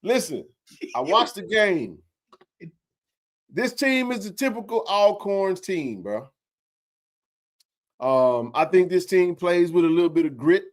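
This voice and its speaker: A man hosting a casual sports talk show, joking and bantering in slangy, animated talk. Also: sits high, slow, pauses often.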